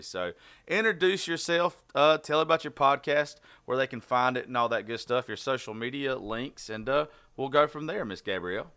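A man's voice: medium pitch, moderate pace, sharp tone, smooth. A man with a Southern US accent hosting a casual podcast interview, laid-back and profane, stumbling when he reads aloud. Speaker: podcast host.

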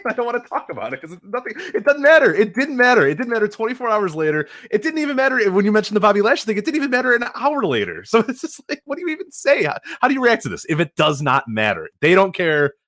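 A man co-hosting a casual podcast who talks fast, and his pitch swings up and down a great deal. He riffs with frequent laughs, recorded close and dry. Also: no room sound. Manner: laughing, animated riffing. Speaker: podcast co-host.

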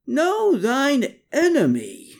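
A narrator voicing Klaus, an excitable, scornful German drunk who growls and screeches. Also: male voice, high-pitched, slow, pitched above the performer's own voice, full character voice.

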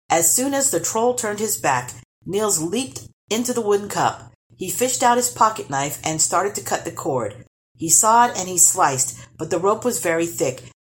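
A woman storyteller reading a children's storybook aloud with expressive, animated narration. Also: on the low side, a little hiss or hum.

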